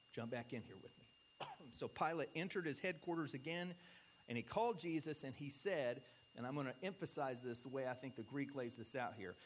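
A man in his forties, a pastor preaching an earnest sermon, slowing down to stress key points. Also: mid-range voice, slight background noise.

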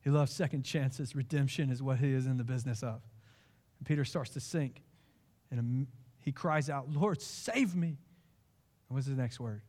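A man preaching a sermon as pastor, impassioned, swinging from hushed lines to pleading ones. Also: medium pitch, fairly even intonation, normal speed.

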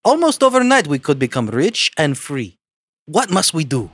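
A man's voice: fairly high pitch, big pitch swings, moderate pace, a bit bright, breathy edge, no echo, clean studio sound, full character voice. A man reading aloud as an old male boar rousing the animals to revolt, with a mock foreign accent. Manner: mock Russian-style accent, speech-making. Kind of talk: comic read-aloud.

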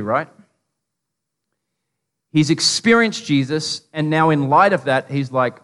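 A man's voice: fairly high pitch, expressive, moderate pace, pauses often, a bit bright. A man with an Australian accent preaching a casual, humorous sermon, full of stories and asides. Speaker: pastor. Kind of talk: conversational sermon. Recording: long reverb of a large hall.

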